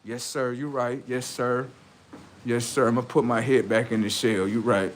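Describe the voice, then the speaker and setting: A meek, scolded young man answers in a low, hushed murmur, all deference and no fight. He sounds cowed and eager to agree, as a man puts him on for a mocking bit. The voice sits clearly lower and quieter than the performer's usual talk. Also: fairly even intonation, moderate pace, a little hiss or hum, natural voice. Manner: murmured, deferential yes-sir replies.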